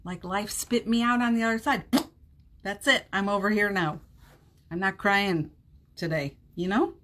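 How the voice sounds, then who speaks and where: A woman hosting a live-streamed motivational podcast from home, chatting warmly, laughing often and reading viewer comments aloud. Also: medium pitch, measured pace, slight background noise. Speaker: podcast host. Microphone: streaming setup at home.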